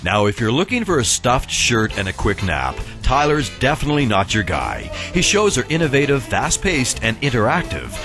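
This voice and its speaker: Male promo voice-over over loud music. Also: medium pitch, huge pitch swings, moderate pace, few pauses. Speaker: promo narrator.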